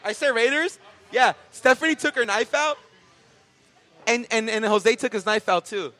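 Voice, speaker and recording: A man's voice: very high voice, moderate pace, sharp tone. A man co-hosting a casual podcast, ranting profanely with lots of fillers and restarts. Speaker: podcast co-host. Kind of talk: casual comedic rant.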